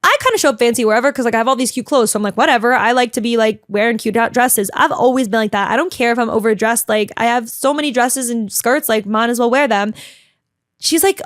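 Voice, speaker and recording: A chatty, dramatic young woman telling a casual vlog story, full of "like" and quick asides. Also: fairly high pitch, animated, dry recording, studio quality. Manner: chatty and bubbly, heavy use of "like", dramatic; talks a lot, emotional. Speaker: vlogger.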